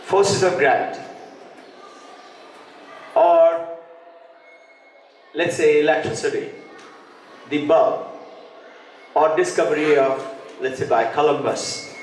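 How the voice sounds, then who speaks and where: A man's voice: on the high side, slow pace, pauses often, a little hiss or hum. A man, a school president, addresses teachers in an inspirational talk, telling parables and acting out his characters' lines. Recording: very echoey hall, distant mic.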